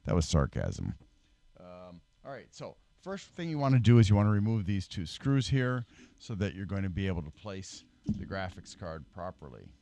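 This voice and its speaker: A man with a low, gravelly, mellow voice and a sing-song lilt, talking at normal speed, hosts a casual PC building how-to, rambling with fillers, self-corrections, and dry self-deprecating asides. He's dry and close on a desk mic but fades when he leans away from it, with a little hiss or hum.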